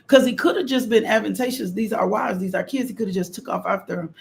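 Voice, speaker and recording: A middle-aged woman preaching a fervent morning devotional on a livestream, repeating phrases and breaking into loud exclamations. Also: medium pitch, fast, vocal fry. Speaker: host of a morning devotional stream. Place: home livestream.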